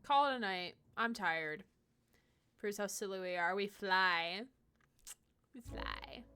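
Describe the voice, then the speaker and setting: A woman's voice: medium pitch, unhurried, bright, forceful tone, smooth. A woman streaming a game, chatting in a playful, giggly way with her viewers. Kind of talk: casual live-stream commentary.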